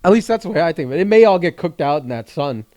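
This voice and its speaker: A man's voice: a little high, lively intonation, fast, darkish tone, dry recording. A man co-hosting a podcast in casual chat, blunt and grumbling with crude banter. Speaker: podcast co-host.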